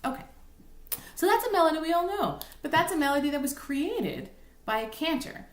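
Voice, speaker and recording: A woman cantor giving a recorded lesson, explaining patiently and thinking aloud, now and then breaking into slow sung examples. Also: sits high, big pitch swings, a little hiss or hum. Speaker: cantor teaching a class. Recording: roomy, echoey room sound.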